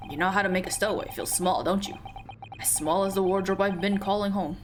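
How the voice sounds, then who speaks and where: A woman's voice: medium pitch, steady tone, fast, slight background noise, natural voice. A woman reading the lines of a wry, put-upon young man in an adventure game, in her own everyday voice.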